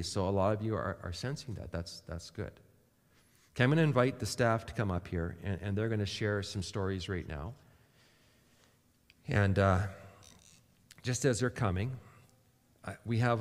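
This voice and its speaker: A man speaking as a pastor to his congregation in a relaxed, chatty way with frequent restarts. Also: fairly low pitch. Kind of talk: church service talk. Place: church sanctuary. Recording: long hall reverb.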